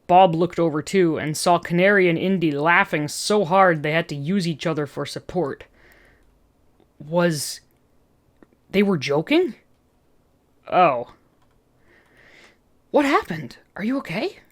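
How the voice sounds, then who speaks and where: Someone reading fan fiction out loud, chatty, little asides and chuckles. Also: medium pitch, a little slow. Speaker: story reader. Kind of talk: reading a fan story aloud.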